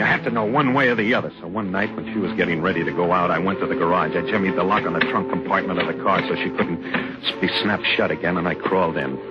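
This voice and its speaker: An actor playing a jealous, anguished young husband narrating his story in 1940s radio drama style, in a dull vintage radio recording with music. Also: deep voice. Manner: tense, brooding, confessional narration.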